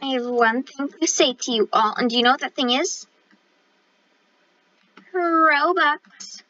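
Bright high-voiced playful female gamer. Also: brisk, no echo, highs cut off. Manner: playful, joking, self-promoting. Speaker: gaming channel host. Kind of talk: casual gameplay chat.

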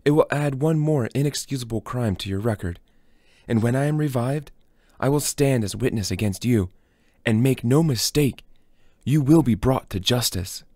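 A man's voice: mid-range voice, animated, moderate pace, a little mellow, husky, dry recording, clean studio sound. A man voicing an arrogant older male scythe with a pompous, indignant way of talking, in a fan audiobook reading. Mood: outraged. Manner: pompous, outraged protest.

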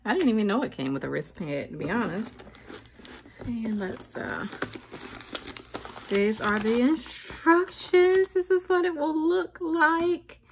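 Excitable woman unboxing, squealing. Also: slow, creaky, background noise. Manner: excitable, chatty, addresses viewers as y'all; squeals up high when thrilled. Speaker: vlogger. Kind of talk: casual unboxing vlog.

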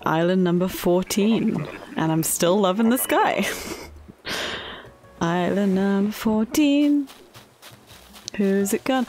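A woman commenting casually on her game, excitable and chatty with frequent giggles. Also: mid-range voice. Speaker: gaming vlogger. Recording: soft background music.

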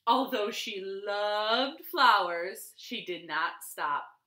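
A woman librarian giving an expressive storytime read-aloud from her living room. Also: mid-range voice, very slow, roomy sound. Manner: expressive, lively storybook reading. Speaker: children's librarian.

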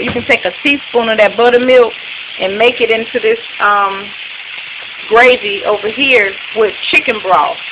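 A woman hosting a casual step-by-step cooking video in her home kitchen, talking in a relaxed, chatty way with plenty of fillers. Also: fairly high pitch. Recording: noisy home video with pan sizzle. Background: frying and sizzling pan.

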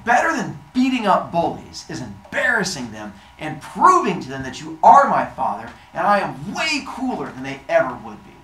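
A man voicing a bullied, eager teenage boy with a strained, excitable voice. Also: on the high side, moderate pace, hardly any pauses, reverberant, distant mic, slight background noise, low-quality recording. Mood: scheming.

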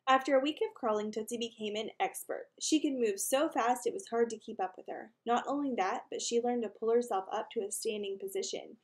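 Woman reading a children's book aloud. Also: on the high side. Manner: animated, slows for emphasis, asks listeners questions. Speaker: reader.

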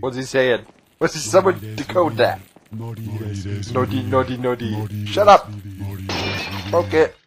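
A man playing through a video game and commenting casually, excitable, yelling at enemies and laughing. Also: a little high, a little slow, pauses often, over music. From United Kingdom. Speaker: let's play gamer.

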